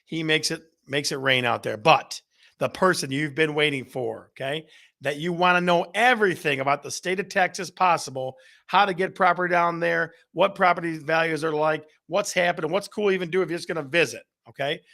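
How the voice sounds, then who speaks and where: A man's voice: on the high side, a little fast, creaky, sharp tone. A man from Michigan hosting a live real estate show, upbeat and joking as he rallies the chat. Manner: hyped, jokey, rallying the chat. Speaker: show host.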